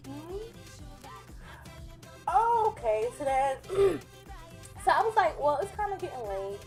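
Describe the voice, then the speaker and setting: A young woman telling a casual storytime vlog, animated, acting out the other people's lines in quick mock voices. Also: sits high, faint music behind. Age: young adult. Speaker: vlogger.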